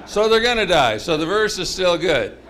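A man's voice: sits high, moderate pace, a little hiss or hum. A man preaching a humorous mini-sermon to a chapel congregation, telling stories animatedly with voices. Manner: animated, jokey storytelling with voices.

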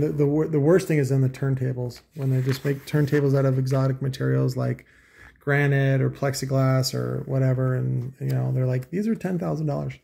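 A gravelly, mellow-toned middle-aged man rambles through a casual profane commentary, crude and sarcastic. A faint hiss sits under his voice. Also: mid-range voice. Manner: crude, sarcastic, mocking, with scoffing asides. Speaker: vlogger reviewing audio magazine.

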